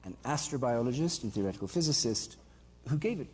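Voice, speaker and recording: Moderating a panel from a stage in a big hall, this man introduces the guests casually and chattily, filling his speech with fillers. He's expressive and a little fast, with a mid-range, darkish voice and a breathy edge, all wrapped in long hall reverb.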